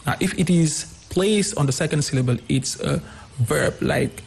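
A man's voice: a little high, normal speed, gravelly, slight background noise. A man, an English teacher explaining pronunciation patiently in a radio interview and repeating example words.

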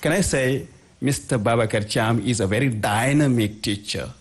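A man's voice: medium pitch, moderate pace, breathy edge. A man interviewing a teacher, politely asking for examples and asking to be corrected. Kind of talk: asking questions in a lesson.

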